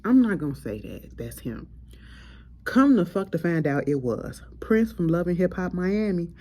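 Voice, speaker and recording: A woman hosting a casual, profane chat, recapping reality TV in a blunt, animated way. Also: lowish voice, normal speed. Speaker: host.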